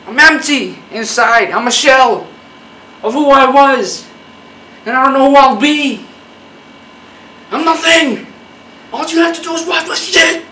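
A man's voice: very high voice, a little slow, long pauses, bright, forceful tone, echoey room, recorded from a distance, slight background noise, low-quality recording. A man doing a profane, mock-angry comedy rant straight at his viewers. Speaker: YouTube comedian.

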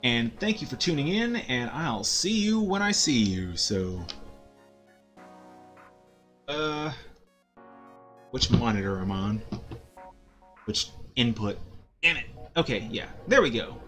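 A man's voice: mid-range voice, very animated, takes it slowly, pauses often, fairly bright tone, soft background music. A man streaming a game live and commenting casually, often stammering and filling gaps with ums and uhs.

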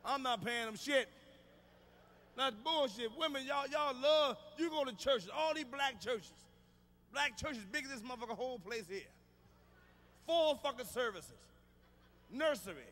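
A man doing a stand-up comedy routine on stage, ranting loudly with a profane, hard-hitting delivery. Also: extremely high pitch, expressive, normal speed, pauses often, long reverb tail.

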